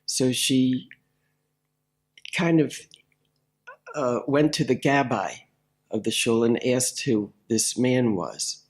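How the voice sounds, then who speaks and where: A man recounts a story in a relaxed spoken way, stopping often to find his words with fillers and restarts. His voice sits at an ordinary pitch for a man. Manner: halting, with many fillers and restarts.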